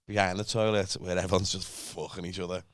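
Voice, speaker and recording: Man, lowish voice, crude storyteller, dry close mic. Casual podcast chat. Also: level tone, quick pace, clear, resonant tone, no echo.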